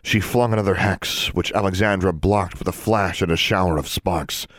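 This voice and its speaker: A man narrating a fantasy story as an audiobook, in a steady, measured reading. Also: sits low, no room sound, clean studio sound.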